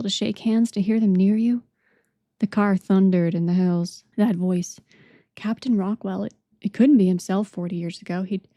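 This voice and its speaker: Mellow woman narrating an audiobook. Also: mid-range voice, no echo.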